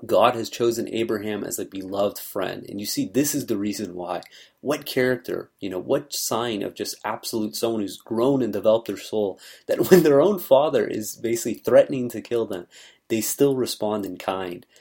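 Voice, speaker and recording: A man's voice: lowish voice, animated, moderate pace, a little mellow, slightly rough. A man giving an earnest, conversational talk on scripture, explaining things in a loose, searching way. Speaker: religious speaker.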